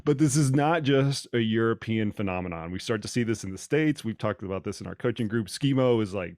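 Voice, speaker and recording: Podcast host, male, lowish voice, dry close sound, chatty and repetitive delivery. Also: a little mellow, no room sound. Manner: conversational, repeats words as he thinks aloud. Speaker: podcast host and running coach. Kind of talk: casual podcast discussion.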